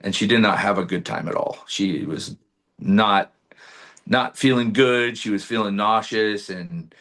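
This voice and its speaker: A man with a fairly low-pitched voice talks as a podcast guest in loose, casual conversation. He tells his story with animated energy and swears freely. He acts out what he once said along the way. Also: unhurried.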